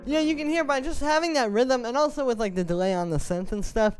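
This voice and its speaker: A man, a music producer, explaining melody writing in a relaxed, conversational tutorial, stepping through his points one by one. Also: very high-pitched, fast talker. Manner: conversational, explains step by step while playing examples. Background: synth music playing.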